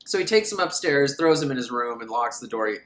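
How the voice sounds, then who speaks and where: Man, comedic film recap, sarcastic, rambling, lively swinging pitch, echoey room. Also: fast talker.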